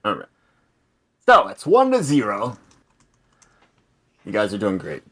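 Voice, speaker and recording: Male podcast co-host, quizmaster energy, low voice that swings widely. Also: huge pitch swings, a little slow, a crowd in the background. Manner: playful, laughs often, swings widely in pitch. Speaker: podcast co-host running a movie quote quiz. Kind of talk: casual chat.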